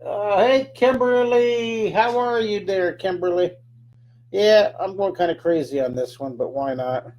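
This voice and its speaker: A man's voice: high voice, normal speed, a little mellow. A man teaching a live drawing lesson, chatting through each stroke with playful sound effects.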